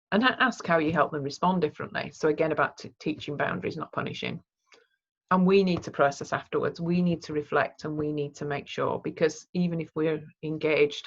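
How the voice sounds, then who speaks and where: A woman with a low, deep-set voice, leading a training session. She talks in a conversational way and acts out the phrases she would use with people. The recording sounds dull and lo-fi. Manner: conversational, demonstrates example phrases. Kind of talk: training talk.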